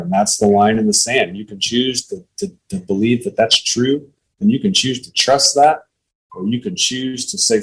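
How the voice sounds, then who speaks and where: A man's voice: on the low side, fairly even intonation, normal speed, fairly bright tone, husky, rough recording. A man in his late thirties, a podcast guest, telling his faith story in an earnest, plain-spoken way over a call. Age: 30s. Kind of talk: testimony in casual conversation.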